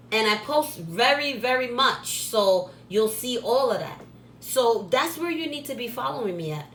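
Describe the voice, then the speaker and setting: A woman's voice: mid-range voice, a bit bright. A woman who runs a spiritual supply shop, talking straight to camera in a blunt, scolding way and repeating herself for emphasis. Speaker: spiritual shop owner and channel host. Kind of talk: casual direct-to-camera vlog. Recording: echoey room, faint background noise.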